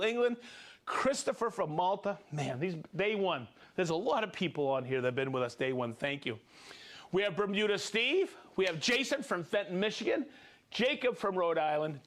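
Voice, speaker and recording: A man's voice: high-pitched, a bit bright. A man hosting a live tool show, chatting casually, demonstrating gear and cheerfully reading out viewer names. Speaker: show host demonstrating tools.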